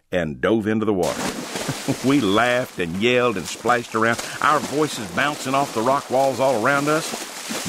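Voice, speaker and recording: A man's voice: on the low side, background noise. A man narrating a first-person ghost story in a dramatic storytelling manner. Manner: dramatic, drawn-out storytelling with sudden shouted quotes.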